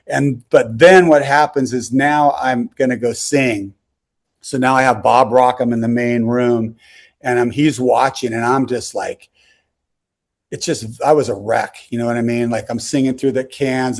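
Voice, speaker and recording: A man's voice: mid-range voice, fairly even intonation, normal speed. An older man, a rock singer, telling rambling stories on a video call with lots of "you know" and "like". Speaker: rock singer, interview guest. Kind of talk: casual storytelling.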